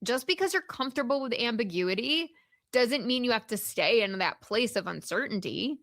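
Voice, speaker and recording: Woman podcast host and coach: bright, slightly high voice, emphatic encouragement, dry close mic. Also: lively intonation, no echo. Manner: encouraging, emphatic, slows down to stress points. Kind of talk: solo motivational podcast.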